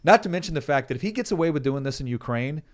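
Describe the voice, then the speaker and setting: A man's voice: a little high, animated, racing. A man appearing as a guest on a political talk show, laying out his arguments and driving them home with rhetorical questions. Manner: analytical, building points with rhetorical questions.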